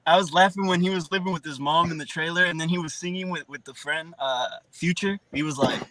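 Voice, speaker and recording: A man's voice: on the high side, a little fast, sharp tone, low-quality recording. A man on a call from inside his parked car, chatty and giggly, telling stories in casual chat. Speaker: streamer guest.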